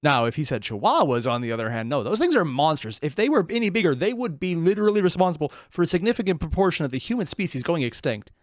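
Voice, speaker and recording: A man giving casual reaction commentary in a chatty way, with animated outbursts. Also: on the high side, fast talker, hardly any pauses, dry recording, studio quality. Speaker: reaction video host.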